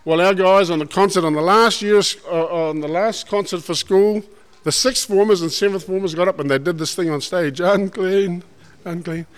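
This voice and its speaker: A man preaching a sermon, folksy and animated, putting questions to the congregation. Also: high voice, moderate pace, clean tone. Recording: long hall reverb.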